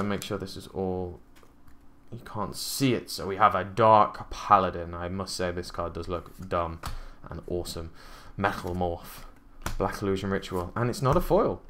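A man's voice: fairly low pitch, a bit bright, slight background noise. A young man chatting casually as he opens card packs, musing aloud with many ums and uhs. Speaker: card-opening YouTuber. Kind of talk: casual unboxing commentary.

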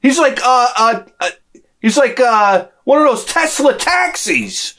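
Middle-aged guy vlogging a rambling rant, swings all over in pitch, swears a lot and yells bits. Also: animated, measured pace. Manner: swings from mutters to loud shouted outbursts; profane and sarcastic. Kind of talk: rambling comic rant to camera.

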